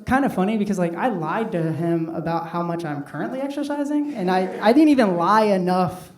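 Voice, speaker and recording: A man's voice: high voice, a little fast, darkish tone. A middle-aged man performing a stand-up comedy set, talking loosely and conversationally with lots of "like" fillers. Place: comedy club stage. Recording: roomy club sound from a distant mic with audience. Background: audience laughter.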